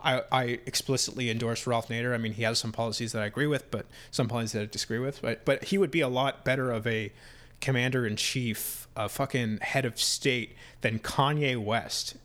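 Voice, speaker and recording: Podcast co-host, male, mid pitch, loose rambly delivery with casual swearing. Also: fairly even intonation, fairly quick, fairly bright tone. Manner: rambling, swears, many restarts. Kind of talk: casual chat.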